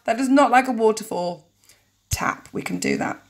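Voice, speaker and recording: A woman's voice: on the low side, lively intonation, unhurried. A woman narrating and commenting casually on a story game, chatty and joking as she goes. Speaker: let's play narrator.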